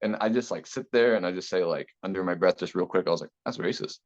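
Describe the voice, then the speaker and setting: A young man telling a story from his school days in a relaxed interview, talking casually with many fillers and restarts. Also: low-pitched, quick pace. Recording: slightly dull lo-fi sound.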